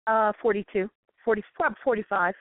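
A medium-pitched woman from St. Louis speaks fast with fairly even intonation, calling in as a guest on a talk show. She tells an impassioned story with quoted dialogue. The recording is a tinny, dry phone line.

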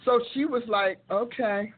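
A woman's voice: on the high side, measured pace, heavy background noise. An older woman, a minister and host, giving a sermon-like talk in an emphatic, repetitive preaching cadence over a tinny, phone-like recording.

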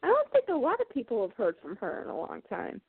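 A woman's voice: fairly high pitch, wildly swooping pitch, quick pace, vocal fry, husky, no echo. Chatty woman co-host on a tinny line. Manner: chatty, rambling with fillers. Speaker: podcast co-host. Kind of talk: casual chat. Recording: tinny phone-like line, dry.

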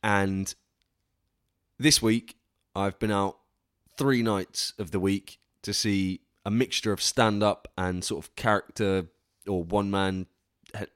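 A man's voice: fairly low pitch, fairly even intonation, slow, pauses often, fairly bright tone, smooth, dry recording, studio quality. A young man hosting a solo podcast in a casual, rambling way, restarting often, swearing casually and putting himself down. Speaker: podcast host.

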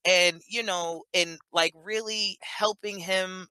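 A woman in her thirties chatting as a podcast guest, telling animated stories with frequent laughter. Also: on the low side, takes it slowly, smooth, no room sound. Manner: animated storyteller, laughs often, acts out quotes. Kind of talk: casual interview chat.

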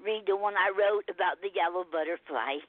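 A woman calling in to a radio show, chatting haltingly with many ums and then reading her poem. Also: mid-range voice, no room sound. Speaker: caller reading poetry. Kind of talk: casual phone chat and poem reading. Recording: tinny dry phone line.

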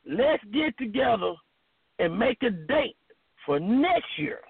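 A man talking on a phone-in show, animated and rambling, with lots of emphasis. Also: very high-pitched, slow pace, creaky, breathy edge, no room sound. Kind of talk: casual phone-in chat. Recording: tinny phone line.

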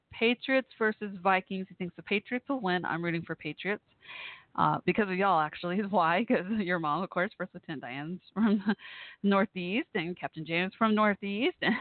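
Chatty and giggly, a woman from Texas runs a casual call-in talk show in a mid-range voice, full of laughs and filler words. There's no echo, though the audio has a tinny telephone quality.

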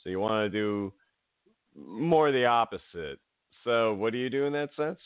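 Lively low-voiced man, phone-like sound. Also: normal speed, clean tone, no room sound. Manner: animated, rambling, laughs often. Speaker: podcast co-host. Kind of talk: casual wrestling chat. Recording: dry, phone-like audio.

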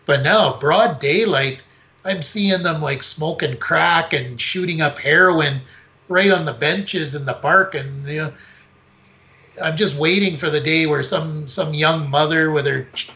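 A man's voice: a little high, a little slow. A man co-hosting a podcast, telling a story in casual chat and acting out scenes. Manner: animated storytelling, acts out scenes. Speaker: podcast co-host. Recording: dull lo-fi podcast audio.

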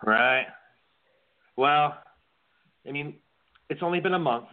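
A man's voice: on the high side, takes it slowly, creaky. A man co-hosting a casual political podcast, rambling and often repeating words as he starts a sentence. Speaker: podcast co-host. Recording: tinny phone-like lo-fi audio.

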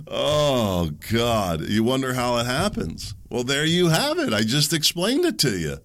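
A man's voice: medium pitch, big pitch swings, measured pace, hardly any pauses, a bit bright, dry recording. A middle-aged man hosting a solo podcast, rambling and ranting sarcastically, chuckling at his own asides. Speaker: podcast host.

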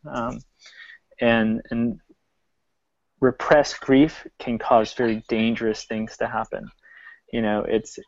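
Flat-toned earnest man on a lo-fi call. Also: medium pitch, no echo. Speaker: medium, call participant. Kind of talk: casual group video call. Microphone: video call. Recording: dull lo-fi video call audio.

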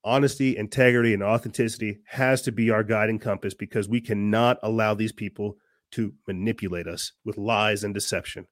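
A man's voice: lowish voice, steady tone, fairly quick, no room sound, clean studio sound. A man hosting his own podcast, delivering an earnest, fiery, preachy monologue full of restarts. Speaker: podcast host. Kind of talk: impassioned monologue.

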